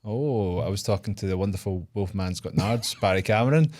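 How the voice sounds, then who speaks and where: A man's voice: low-pitched, brisk, darkish tone, no echo. A man co-hosting a casual podcast, laughing often as he lays out long fan theories. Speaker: podcast co-host. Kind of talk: casual chat.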